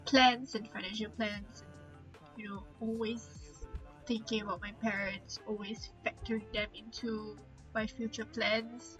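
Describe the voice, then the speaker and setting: A woman's voice: mid-range voice, level tone, unhurried, a bit bright, dull audio, faint music behind. A young woman streamer chatting candidly and openly, holding back tears, trailing off often with fillers. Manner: open, heartfelt, trailing off with many fillers. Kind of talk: candid casual chat.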